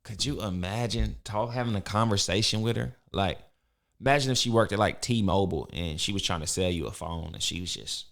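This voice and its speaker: A man's voice: lowish voice, expressive, brisk, a bit bright. A man hosting a reaction video, mocking and teasing in casual slangy commentary.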